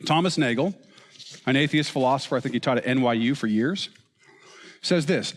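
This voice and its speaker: A man's voice: medium pitch, a little fast, pauses often, in a large hall. A man preaching a sermon, asking rhetorical questions and reading quotations aloud with rising emphasis. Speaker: pastor. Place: church auditorium.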